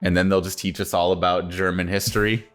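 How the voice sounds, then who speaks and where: A man's voice: deep voice, level tone, a bit bright, faint music behind. Joking man in let's-play banter. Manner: joking, quick to laugh. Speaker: gaming channel co-host.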